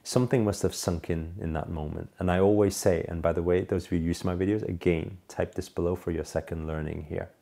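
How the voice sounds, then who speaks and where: A man telling a personal story as a monologue, earnest, rising to emphatic peaks and then dropping low and soft. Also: fairly even intonation, brisk, creaky, few pauses.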